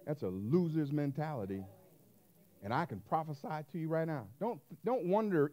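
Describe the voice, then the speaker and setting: A man preaching a sermon as pastor, animated and colloquial, acting out little scenes as he goes. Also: fairly high pitch, moderate pace.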